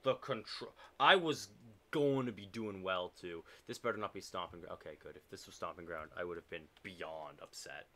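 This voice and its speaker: A man streaming a video game, commenting live and swearing in loud frustrated outbursts. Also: low-pitched, normal speed.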